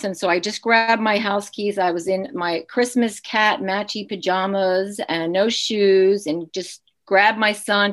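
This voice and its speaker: A woman in her fifties, a podcast guest, telling a painful personal story in an earnest, emotional way with frequent restarts. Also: medium pitch.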